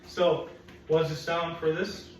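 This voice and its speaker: The voice is a woman's: deep, level and slow, with a somewhat dark tone. In a classroom, she patiently works on phonics with young children, repeating vowels and teasing that she will catch them out with a trick. Sound is faint-noised and echoey, picked up from afar.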